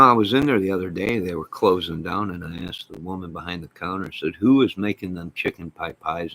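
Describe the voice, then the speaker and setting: A man hosting his own channel, chatting casually to his viewers on a live stream in an excitable, folksy, rambling way. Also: low voice, husky, low-quality recording. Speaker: channel host.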